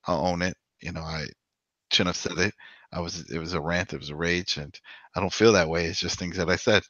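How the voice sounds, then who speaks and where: A man co-hosting a podcast in casual discussion, rambling and animated, with frequent "you know". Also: low-pitched, fairly quick, no echo. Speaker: podcast co-host. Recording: dull lo-fi dry sound.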